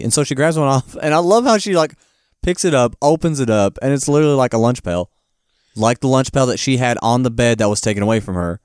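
Rambling, animated male podcast co-host. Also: medium pitch, fast talker, clear, resonant tone, dry recording, studio quality. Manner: animated, rambling, laughs often. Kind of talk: casual movie-review chat.

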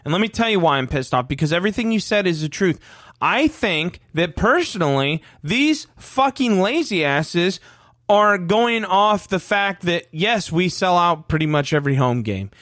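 A man's voice: sits high, animated, normal speed, fairly bright tone, dry recording, clean studio sound. A male podcast host ranting emphatically and swearing, fired up in heated sports talk.

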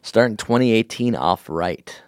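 A man co-hosting an advice podcast in casual chat, joking and laughing often with drawn-out emphasis. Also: fairly low pitch, no echo, clean studio sound. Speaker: podcast co-host.

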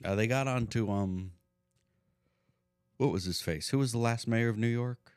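A man's voice: mid-range voice, moderate pace, darkish tone, clean tone, no room sound. A man co-hosting a podcast, chatting casually in a blunt, dry way and telling stories with swearing. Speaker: podcast co-host. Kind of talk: casual chat.

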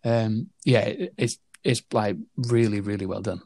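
A man's voice: on the low side, measured pace, darkish tone, no room sound. A man in a casual film chat, rambling with lots of fillers and restarts.

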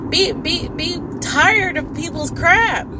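Woman podcaster, high voice, frank repetitive rant, car road noise underneath. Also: takes it slowly. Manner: blunt, repetitive, emphatic, rambling. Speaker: podcast host. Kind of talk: candid venting monologue.

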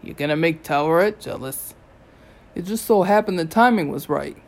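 A reader voicing a gruff, wisecracking male dwarf god who growls and mumbles in an audiobook reading. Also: mid-range voice, normal speed, natural voice.

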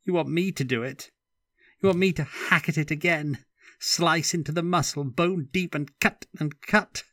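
A man's voice: fairly high pitch, normal speed, no echo, studio quality, pitched above the performer's own voice. A man voicing a frightened young man, raising his voice in panic and horror. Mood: horrified. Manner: panicky, rising and loud.

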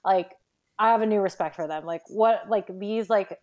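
A woman's voice: mid-range voice, moderate pace, a little mellow. Young woman, pregnant, tired, chatty, filler-heavy casual talk. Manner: chatty, many fillers and laughs. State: pregnant, tired and a bit out of breath. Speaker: guest. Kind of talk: casual podcast chat.

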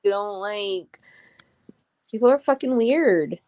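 A woman's voice: mid-range voice, animated, takes it slowly, warm tone, dry recording, dull audio. A woman, a mother, chatting on a podcast in a blunt, profane, chatty way. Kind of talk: casual podcast chat.

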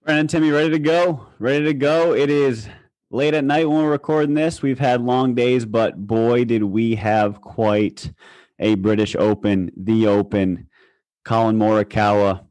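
A young man with a low, deep voice, talking fast and hyped about golf as a podcast co-host. He rambles and swears casually. The sound is dry and close. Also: a little mellow, no echo.

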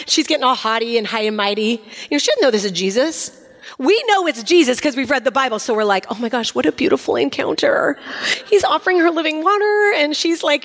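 A woman teaching a Bible passage in a chatty, animated way, acting out the quoted lines with sass. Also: sits high, brisk, big-room sound.

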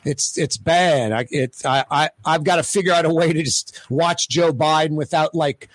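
A man's voice: a little high, no echo. A man hosting a radio talk show, chatting casually and running prize giveaways, rambling with lots of stammered restarts. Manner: rambling, animated, repeats himself with stammered restarts. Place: radio studio.

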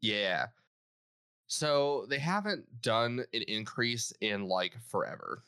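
A man's voice: medium pitch, animated, slow, bright, forceful tone, clean tone, no echo, studio quality. A man co-hosting a casual gaming podcast, bantering playfully and poking fun at himself. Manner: playful, self-mocking banter. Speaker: podcast co-host.

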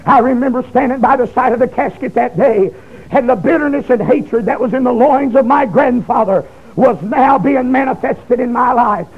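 High-voiced husky preacher man. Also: moderate pace. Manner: emotional, swings from shouting to hushed low tones. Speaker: preacher giving his testimony. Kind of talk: fiery testimony sermon. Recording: dull lo-fi recording.

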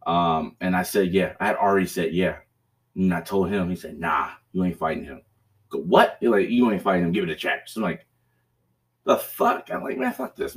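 A man hosting a podcast, telling a story in casual chat, profane and rambling, with restarts and bursts of laughter. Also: sits low. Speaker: podcast host.

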